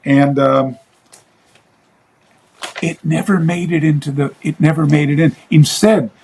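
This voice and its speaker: A man speaking as an interview guest in a casual chat, rambling and halting, with many fillers and restarts. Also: a little high, steady tone, creaky, a little mellow, a little hiss or hum, rough recording.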